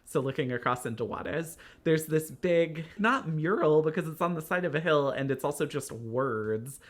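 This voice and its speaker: A man's voice: a little high, animated, normal speed. Rambling man telling travel stories. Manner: rambling, self-deprecating storyteller; laughs often between phrases. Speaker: podcast co-host. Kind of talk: casual chat.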